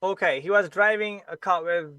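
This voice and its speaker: A man's voice: high voice, normal speed, sharp tone, no room sound. A man teaching English pronunciation in an online class, with a Pakistani English accent, explaining patiently and repeating the sounds he teaches.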